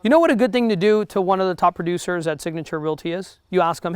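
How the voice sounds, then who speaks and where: A man's voice: high voice, fast talker, clean tone, no room sound. A man with a New Jersey accent giving a motivational talk to realtors, chatty and often checking in with his audience. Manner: conversational, keeps checking in with the audience. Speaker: real estate broker teaching realtors. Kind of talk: motivational talk to a live group.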